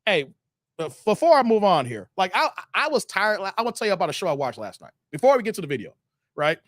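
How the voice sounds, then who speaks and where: Animated, high-voiced male live-streamer. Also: fast talker, no room sound, clean studio sound. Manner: animated and joking, laughing often while reading viewer comments. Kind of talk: casual live-stream chat and ranting.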